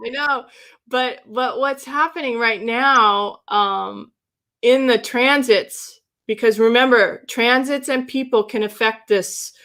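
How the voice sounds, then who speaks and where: A woman's voice: on the high side, slow pace. Woman doing a spiritual reading on a livestream, rambly and affirming, lots of restarts. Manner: warm, affirming, meandering with restarts. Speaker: human design reader. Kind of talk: livestream reading, casual chat.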